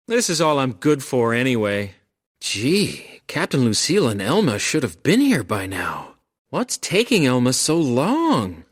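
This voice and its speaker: A man's voice: on the high side, fairly bright tone. An actor voicing an insecure young male knight on guard duty who talks himself down in a game. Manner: self-deprecating, fretful.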